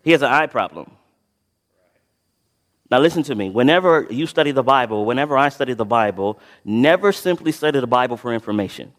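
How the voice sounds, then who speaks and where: A preacher delivering a sermon who reads scripture with dramatic swells and drops in volume and keeps asking the congregation to fill in the next word. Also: male voice, medium pitch, animated, brisk. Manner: asks the congregation to fill in words, then answers himself. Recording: long reverb of a large hall.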